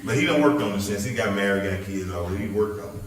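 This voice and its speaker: A pastor leads a Bible study in a church hall, preaching conversationally and teasing his listeners with jokes, lively throughout. His lowish voice moves fast, recorded off-mic from a distance in a very echoey hall with slight background noise.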